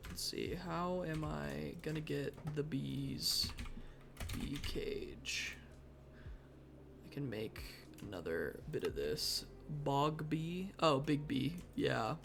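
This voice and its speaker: A woman's voice: low-pitched, creaky, fairly bright tone, a little hiss or hum. A woman streaming live from her desk at home, muttering wry gameplay commentary to herself and easily getting sidetracked. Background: faint background music.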